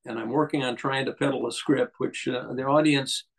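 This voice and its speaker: A man's voice: mid-range voice, steady tone, normal speed, gravelly, husky, rough recording. A man, a guest on an interview show, telling rambling anecdotes with many restarts and fillers. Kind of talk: casual storytelling interview.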